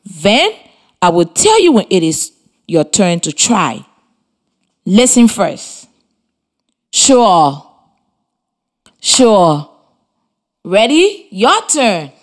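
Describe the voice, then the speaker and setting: A woman from Liberia teaching a primary lesson over the radio, with slow, clearly articulated, encouraging instruction to children. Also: mid-range voice, wildly swooping pitch. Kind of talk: slow scripted classroom instruction. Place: radio studio with students present.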